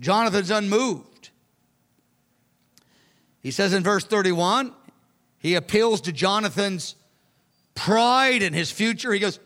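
A high-voiced man preaches a verse-by-verse Bible teaching, animated and conversational, slipping into the characters as he goes. His voice carries with a long reverb through a church hall. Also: takes it slowly, pauses often. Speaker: pastor.

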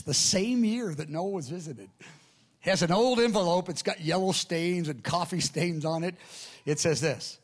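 A middle-aged man preaching a sermon, telling a story with acted-out dialogue. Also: on the high side. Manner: animated storyteller, acts out quoted dialogue.

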